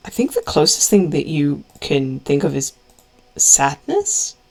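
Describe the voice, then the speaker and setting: A woman narrating as game master in a tabletop game, describing scenes deliberately. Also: low voice, dark tone.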